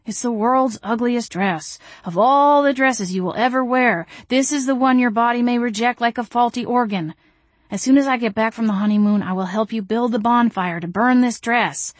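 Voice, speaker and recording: A woman's voice: fairly high pitch, moderate pace, no room sound, pitched above the performer's own voice, natural voice. Woman doing an earnest young groom, pleading, audiobook character, dry close sound. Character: earnest young man, a soft-hearted groom.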